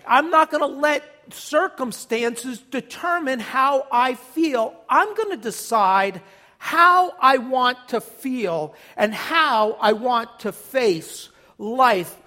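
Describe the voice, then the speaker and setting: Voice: mid-range voice, a bit bright. A pastor preaches a sermon in a church, emphatic and direct, stressing key words and calling on the congregation to respond.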